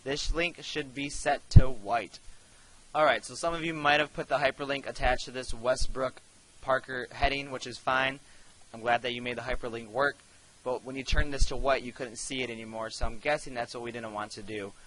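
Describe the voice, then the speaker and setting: A man teaching his class through a casual step-by-step software walkthrough, talking straight to his students. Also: mid-range voice, fairly even intonation, normal speed, low-quality recording. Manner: casual step-by-step instruction, addresses students directly. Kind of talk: screencast software tutorial.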